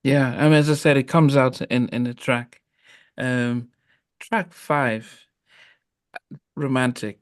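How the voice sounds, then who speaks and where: A man hosting a casual interview, speaking in halting phrases with many fillers. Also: medium pitch, fairly even intonation, smooth, no echo, clean studio sound. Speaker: host.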